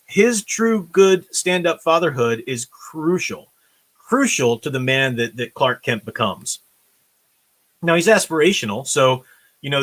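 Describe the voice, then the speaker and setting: A man's voice: medium pitch, a bit bright. A man hosting an online commentary, talking in a rambling, earnest way, with many restarts and fillers. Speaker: host. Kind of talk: casual commentary on film and TV.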